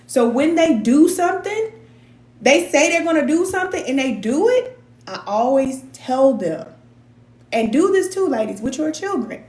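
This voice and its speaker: A spiritual advisor in her forties talks casually and at length on a livestream, reading out comments from viewers. Her voice sits high and is a little mellow. The recording sounds roomy, with a faint hiss of noise.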